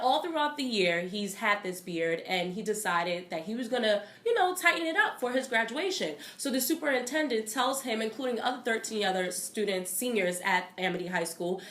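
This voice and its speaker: A woman co-hosting a podcast in casual, animated chat, laughing often. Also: mid-range voice, roomy sound. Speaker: podcast co-host.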